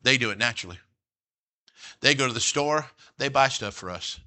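A man's voice: mid-range voice, expressive, moderate pace, bright, forceful tone. A middle-aged man preaching a sermon as pastor, folksy and joking, often checking in with "all right?" and "you know".

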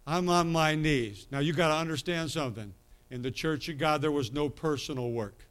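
A man preaching from the pulpit in a slightly higher-pitched voice. He tells his testimony with animation, dropping low and quiet, then climbing to loud, emphatic stretches. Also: moderate pace, smooth. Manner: animated storytelling that swings from quiet asides to loud emphatic bursts. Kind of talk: sermon, personal testimony.

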